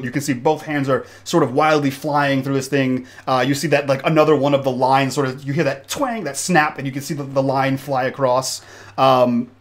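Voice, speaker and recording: A man running a tabletop game as game master, narrating a stormy scene in a loose, improvised way. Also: medium pitch.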